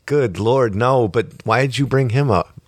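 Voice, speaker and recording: A man's voice: medium pitch, no room sound, clean studio sound. A male podcast host in casual chat, playful and teasing. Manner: playful, teasing, quick to laugh.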